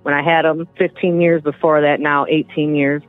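A woman recounting events in an interview, animated and acting out the voices and sounds she describes. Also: deep voice, moderate pace, faint music behind. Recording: tinny phone-line audio.

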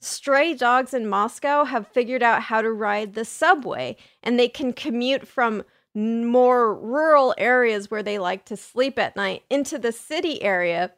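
A young woman hosting a podcast, chatting casually and self-deprecatingly with plenty of fillers as she answers listener questions. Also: on the high side. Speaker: podcast host.

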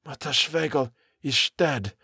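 A man's voice: fairly high pitch, expressive, unhurried, fairly bright tone, husky, no room sound, studio quality, pitched above the performer's own voice, exaggerated voice. A man voicing a terrified man who stammers and quavers as if facing a ghost, his voice shaking. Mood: screaming terror. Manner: stammering, shaky, rising to shrieks.

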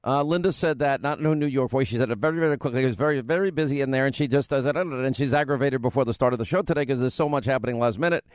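A man hosting a talk radio show from a studio microphone, speaking briskly and emphatically and joking with his staff. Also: mid-range voice, no echo.

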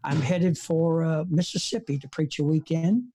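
A husky, mellow-toned preacher in his seventies spins long folksy stories, wandering off on tangents and dotting them with fillers. His voice sits a touch high for a man but warm and soft at the edges. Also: normal speed. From United States. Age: 70s. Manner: folksy, rambling storyteller with frequent uh fillers. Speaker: evangelist preacher. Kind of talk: storytelling in an interview. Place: home front porch.

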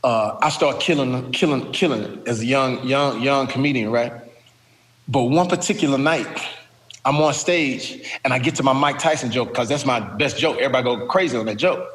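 A middle-aged man, an actor and comedian, telling animated, profane stories and slipping into voices as a guest. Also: mid-range voice, moderate pace. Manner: lively, profane, does voices. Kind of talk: animated storytelling. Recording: roomy with long reverb.

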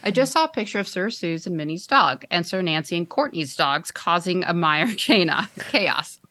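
A woman's voice: lowish voice, animated, normal speed, bright, forceful tone, no echo. A woman co-hosting a casual podcast, reading a listener's email aloud and laughing between phrases. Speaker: podcast co-host.

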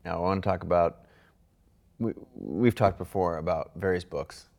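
A man with a very deep voice runs a relaxed podcast interview. There is a gravelly fry in his tone, and he stays encouraging and conversational as he steers the talk. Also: normal speed. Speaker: podcast host. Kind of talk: casual interview.

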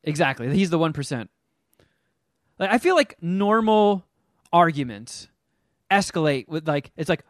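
A man hosting a podcast, telling a story in casual chat, animated and profane. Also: on the high side, unhurried, pauses often, dry recording, clean studio sound. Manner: animated, profane, acts out the people he quotes. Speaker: podcast host.

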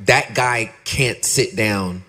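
A middle-aged man, a pastor and podcaster, talking candidly in an interview and acting out his stories with lively dialogue. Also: takes it slowly. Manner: animated storyteller, acts out dialogue in a high voice.

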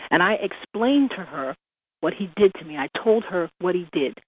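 A woman's voice: fairly low pitch, moderate pace, heavy background noise. Give me a woman telling a story over a phone line. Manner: animated, laughs often while telling. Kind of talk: personal storytelling on a radio show.

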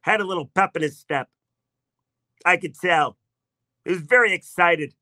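A middle-aged man hosting sports talk radio, spinning a story in a chatty, sarcastic way. His voice sits a little high and sounds sharp and bright. The recording is dry and close, with no room sound. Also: normal speed, no echo.

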